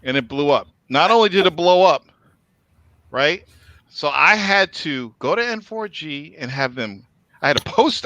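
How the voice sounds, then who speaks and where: A man hosting a podcast, telling a story in a casual, profane, animated way. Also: sits high, no echo, highs cut off. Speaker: podcast host.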